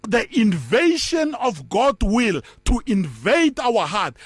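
A man's voice: very high-pitched, sing-song, a little slow, few pauses, no echo, studio quality. A man giving a Bible teaching as a pastor, repeating words and stressing key phrases as he preaches.

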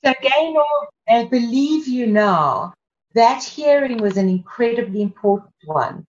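Woman interviewer, slow and measured, her voice roomy and a little muffled. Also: a little high, lively intonation. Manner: measured, prompting questions. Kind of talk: interview questions. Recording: roomy, dull sound.

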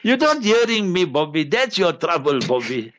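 Preachy man, high voice. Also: sing-song, moderate pace, a bit bright, lo-fi sound. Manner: preachy, joking, keeps repeating "you must remember". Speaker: mufti answering listener questions. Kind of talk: religious Q&A broadcast.

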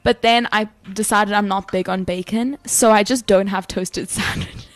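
A woman's voice: medium pitch, steady tone, normal speed. Bubbly young woman co-host. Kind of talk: casual chat.

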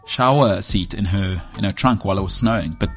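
A man's voice: sits low, brisk, soft background music. A man in his thirties with a South African accent, hosting a sports show as a rambling, joking, self-mocking monologue. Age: 30s. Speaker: sports podcast host.

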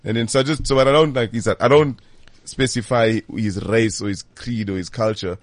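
A man, a comedian guest chatting in a laid-back, laughing, halting way. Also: medium pitch, dry recording. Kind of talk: casual chat.

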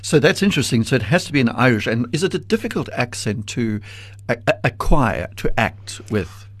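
A man hosting a radio interview in a studio, asking polite, measured questions. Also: medium pitch, sing-song, dry recording. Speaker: radio host. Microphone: studio microphone. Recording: dry studio sound.

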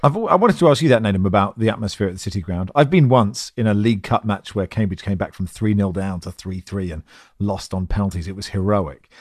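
A man's voice: on the low side, fast, no room sound, clean studio sound. Chatty male podcast host. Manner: chatty, lightly joking. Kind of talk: casual podcast chat.

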